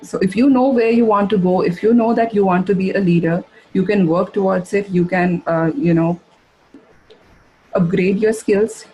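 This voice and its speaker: A woman giving a masterclass, answering audience questions in a halting way, with many fillers and restarts. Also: medium pitch, steady tone, mellow, husky, rough recording. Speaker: masterclass speaker. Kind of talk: live webinar Q&A answers.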